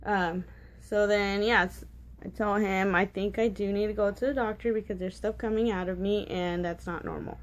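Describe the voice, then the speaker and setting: A woman's voice: medium pitch, fairly even intonation, normal speed, slight background noise. Chatty, rambling woman in her twenties. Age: 20s. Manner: rambling, chatty, frequent fillers and restarts; candid and giggly about awkward details. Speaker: vlogger. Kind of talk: casual storytelling vlog.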